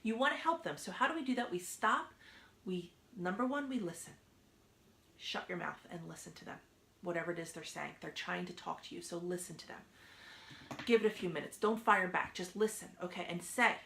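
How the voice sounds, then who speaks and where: Woman advice host, earnest and repetitive, gravelly voice, roomy echo, faint background hiss; casual live-stream talk. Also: lowish voice, animated, fairly quick. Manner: earnest, repetitive, drops to soft near-whispers for emphasis. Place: indoors by a window.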